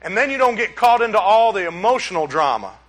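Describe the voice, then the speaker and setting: A middle-aged pastor, preaching a sermon in a folksy, emphatic way that climbs into exclamations. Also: male voice, sits high, sing-song, fast talker, a bit bright.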